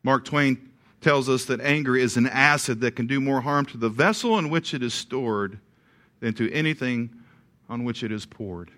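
Bright-voiced preacher telling stories. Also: male voice, medium pitch, normal speed. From eastern Kentucky. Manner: folksy storyteller, animated, with repeated words and restarts. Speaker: pastor. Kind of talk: sermon with a humorous story.

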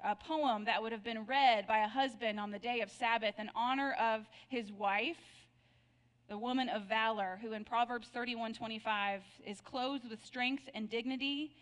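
A woman's voice: on the high side, a bit bright. A woman pastor telling Bible jokes in a sermon, playful and laughing at her own punchlines. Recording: long reverb of a large hall.

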